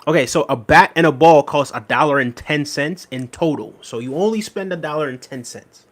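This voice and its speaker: A man's voice: fairly high pitch, fairly quick. A man hosting a livestream, chatting casually, reading viewer comments aloud and repeating phrases with frequent laughs. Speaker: livestream host.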